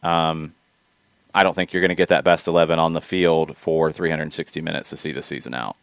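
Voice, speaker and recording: A man's voice: rumbling low, steady tone, vocal fry, smooth, dry recording, studio quality. A man co-hosting a sports podcast, chatting casually and giving rambling, opinionated takes. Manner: rambling, opinionated, quick asides. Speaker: podcast co-host.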